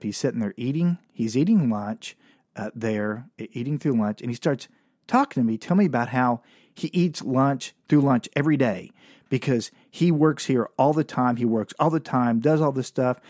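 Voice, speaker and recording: A man's voice: medium pitch, a little mellow, dry recording. Wry casual man telling a story, dry sound. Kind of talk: comic personal storytelling.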